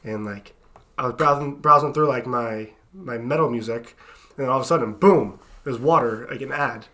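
Bright-voiced young man telling blunt stories. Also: medium pitch, normal speed. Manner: blunt, profane storytelling. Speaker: podcast co-host. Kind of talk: casual chat.

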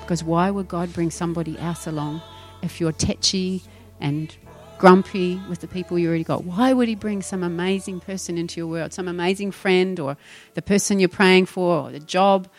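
A woman's voice: on the low side, normal speed, hardly any pauses, faint music behind. A woman preaching a sermon, firing rhetorical questions and acting out voices. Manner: animated, rhetorical questions, acts out quoted voices.

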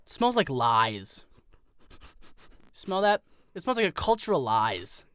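A man's voice: on the high side, sing-song, takes it slowly, fairly bright tone, smooth, dry recording, clean studio sound, full character voice. A man playing a blustery, easily worked-up political pundit who rants as co-host of a parody podcast. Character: blustery hot-headed male political pundit.

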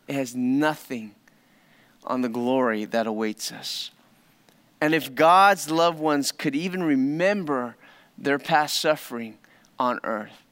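A pastor preaching a sermon, telling a story with dramatic pauses and swings from hushed to loud. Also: male voice, mid-range voice.

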